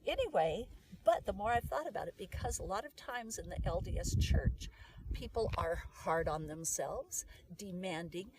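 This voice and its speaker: A middle-aged woman guest explaining something step by step in a casual talk, acting out quoted lines loudly. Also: mid-range voice, breathy edge. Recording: voice from some distance off the mic.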